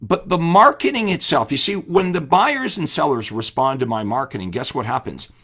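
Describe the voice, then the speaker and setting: A man coaching real estate agents in a seminar talk, energetic and asking the audience questions. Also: fairly high pitch, normal speed, breathy edge.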